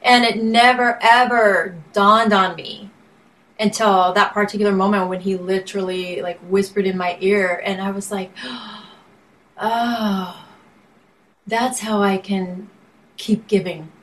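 Female singer-songwriter guest, casual and rambling, quick to laugh. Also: mid-range voice, steady tone, a bit bright, a little hiss or hum, rough recording. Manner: rambling, laughs often, restarts sentences. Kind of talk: casual interview chat.

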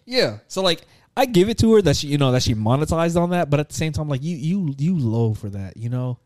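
A man's voice: on the high side, big pitch swings, fairly quick, a little mellow, no echo, clean studio sound. A young man co-hosting a podcast in casual chat, rambling and joking, often repeating himself. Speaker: podcast co-host.

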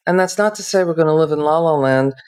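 A woman talking as a therapist on a podcast, calm and measured, slowing down to make her points. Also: sits low. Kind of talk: reflective podcast conversation.

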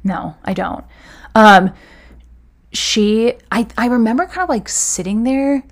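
A woman's voice: a little high, takes it slowly. A young woman casually telling a personal story, filling it with "like" and acting out what people said. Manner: chatty, full of "like" fillers, acts out quoted dialogue.

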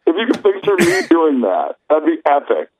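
A man's voice: a little high, wildly swooping pitch, normal speed, a little mellow, slightly rough, poor audio. A man on a casual podcast telling stories, laughing and acting out the lines of other people. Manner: laughing, acts out quotes. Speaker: podcast co-host. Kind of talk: casual storytelling.

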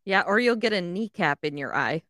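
A woman reacting in quick, teasing remarks during a casual podcast chat. Her voice is bright and clear and moves through a lively pitch range, and it sounds dry and close to the mic. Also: no echo.

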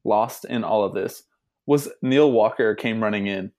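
A man co-hosting a casual sports podcast, animated and laughing as he acts out quotes. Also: lowish voice, measured pace. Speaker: podcast co-host.

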